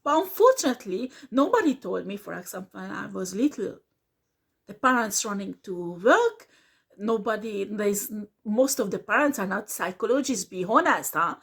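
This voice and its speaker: A woman's voice: medium pitch, animated, normal speed, creaky, a bit bright, husky. A woman, speaking earnestly as a tarot reader who repeats herself and slips into words now and then. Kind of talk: casual spoken reading.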